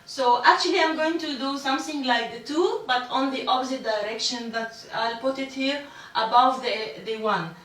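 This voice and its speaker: A woman who speaks natively, teaching an online language lesson patiently and repeating each letter slowly for learners. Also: a little high, fairly bright tone, roomy sound, distant mic. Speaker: Arabic teacher.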